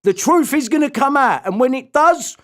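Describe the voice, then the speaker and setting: Furious high-voiced man ranting. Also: animated, normal speed. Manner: furious, sweary, shouting threats. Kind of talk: angry rant to camera.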